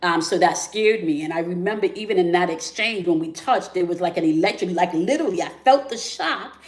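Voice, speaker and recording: A woman's voice: fairly low pitch, fairly quick, echoey room. A woman hosting a spiritual relationship talk in a casual, conversational way, often checking in with "right?" and "okay?". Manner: conversational, many fillers and "right?" tags. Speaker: spiritual relationship channel host.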